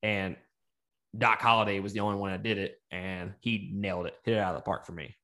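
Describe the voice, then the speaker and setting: A man co-hosting a casual movie review podcast, talking in an animated, profane way and laughing often. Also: lowish voice, a little fast. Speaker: podcast co-host.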